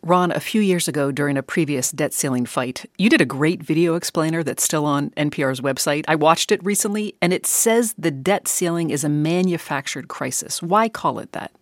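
A woman hosting a radio news program, putting crisp, scripted questions to a correspondent. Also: deep voice, animated, moderate pace, few pauses, no echo, studio quality. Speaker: news host.

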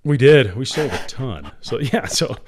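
A man's voice: mid-range voice, expressive, a little slow, darkish tone, a little hiss or hum. A middle-aged man as an interview guest, telling a personal story candidly, emotional at times and laughing often. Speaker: entrepreneur guest.

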